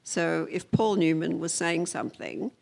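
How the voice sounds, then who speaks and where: A woman's voice: lowish voice, fairly even intonation, measured pace, creaky, darkish tone. An older Australian woman, a film editor, chatting onstage in a rambling way full of fillers. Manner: chatty, trailing off with many fillers. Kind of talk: onstage conversation.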